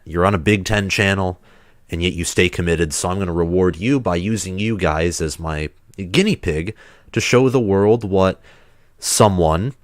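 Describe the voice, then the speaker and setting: A man's voice: deep voice, dry recording, clean studio sound. A man hosting a livestream while sick, chatting in a rambling, casual way with loose restarts. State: sick, under the weather. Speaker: livestream host.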